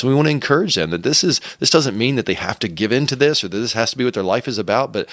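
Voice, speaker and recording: Soft-spoken low male pastor, earnest. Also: dry recording. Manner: earnest, gentle, with frequent restarts and repeated words. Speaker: pastor and author, guest. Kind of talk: conversational interview answers.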